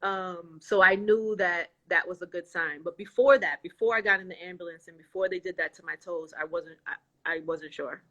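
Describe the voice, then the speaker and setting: A woman's voice: on the low side, normal speed, hardly any pauses, fairly bright tone, dull audio. A woman guest in a casual livestream chat, earnestly recounting a painful ordeal over a video call.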